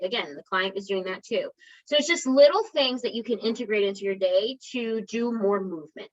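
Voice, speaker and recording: A woman's voice: on the high side, animated, normal speed, fairly bright tone, muffled recording. A woman wellness coach giving a conversational motivational talk to an online group, encouraging and often checking in with her listeners.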